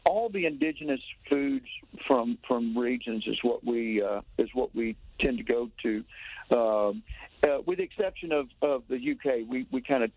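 A Southern man talks eagerly down a tinny phone line, circling back over his words and tumbling into restarts. His voice sits at a middle pitch, and the call sounds dry and boxy, with no room around it. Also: expressive, moderate pace, no echo. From Tennessee. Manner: rambling, enthusiastic, many restarts and fillers. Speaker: touring musician guest calling in. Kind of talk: casual phone interview. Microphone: telephone.

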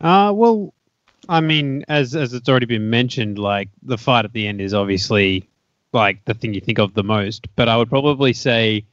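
A man co-hosting a casual podcast chat, measured and hedging. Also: medium pitch, fairly bright tone, dry recording. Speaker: podcast co-host. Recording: dull lo-fi, dry room.

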